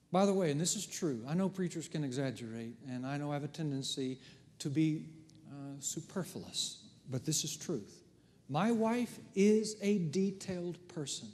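Casting: middle-aged male pastor, high lively voice, dramatic storyteller, church reverb. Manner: animated storytelling, swings from hushed to loud. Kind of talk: sermon. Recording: long hall reverb.

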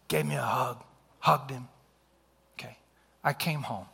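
A man's voice: medium pitch, a little slow, vocal fry, bright, forceful tone, husky. A middle-aged male preacher telling a personal story in a sermon, earnest and acting out the dialogue. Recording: long hall reverb.

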